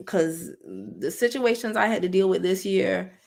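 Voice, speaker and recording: In an unhurried, sing-song delivery, a woman in her thirties speaks with a mid-range, creaky voice of darkish tone. She works as an online business coach and hosts a casual livestream, chatting openly with viewers, reading their comments aloud, and laughing often.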